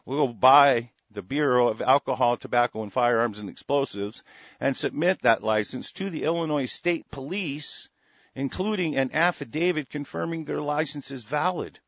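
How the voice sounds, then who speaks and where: A man's voice: medium pitch, normal speed, a bit bright, no echo, lo-fi sound. A middle-aged man reading news stories aloud and breaking off into angry, sarcastic, profane rants. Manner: angry, sarcastic, swears a lot, reads then rants. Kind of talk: profane ranting commentary on news.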